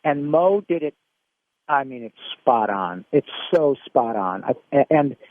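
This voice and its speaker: A man from Michigan, a guest voice actor, telling stories in an animated way with many restarts in a casual interview. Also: mid-range voice, a little slow, no echo. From Michigan, USA. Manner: animated storyteller, frequent restarts. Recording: dry, phone-like line.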